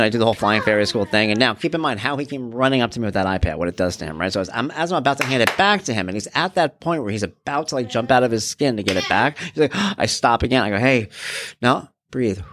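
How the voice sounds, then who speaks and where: Here a middle-aged man hosts a casual solo podcast, his talk fond and meandering, frequently interrupting himself before finishing a thought. His voice is mid-range and creaky with a fairly bright tone.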